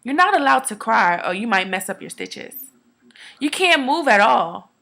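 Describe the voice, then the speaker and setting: A woman performing a dramatic monologue, telling a first-person story in an earnest, quiet, measured way. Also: fairly high pitch, very animated, gravelly.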